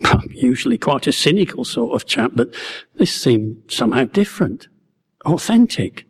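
A man's voice: medium pitch, big pitch swings, normal speed, creaky, slightly rough. A man, a preacher telling a Bible story as a wry, musing first-person bystander. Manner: wry, musing storyteller who acts out his own wondering. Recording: long hall reverb.

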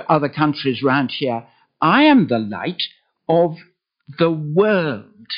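An older man preaching a sermon, slow and emphatic. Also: highs cut off. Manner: slow, emphatic, with lively swings of pitch.

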